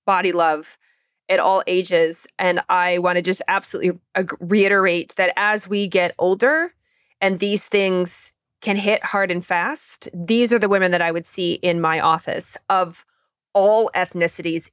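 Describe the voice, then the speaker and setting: A woman in her forties hosting a podcast interview, talking in a lively way. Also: fairly low pitch, clean tone, no room sound, clean studio sound. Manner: lively, acts out patient voices. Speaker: podcast host.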